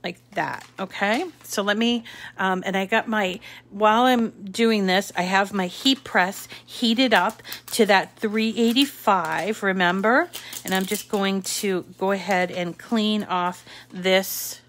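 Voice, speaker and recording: A woman with a Boston accent talks unhurriedly through a hands-on craft tutorial. She rambles in a friendly, easygoing way, filling the gaps with "um" and correcting herself as she goes. Her pitch sits in an ordinary middle range. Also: steady tone, slow, a bit bright. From Boston area. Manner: chatty, many fillers and self-corrections while working. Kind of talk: casual demonstration with rambling asides.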